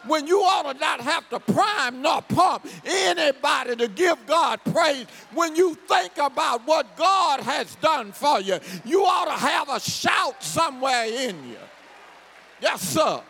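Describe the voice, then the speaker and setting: A male pastor delivering a sermon in a call-and-response style, shouting his points to the congregation and then dropping to quiet storytelling. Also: extremely high pitch, animated, unhurried, creaky, hardly any pauses. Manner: drops to quiet storytelling between outbursts.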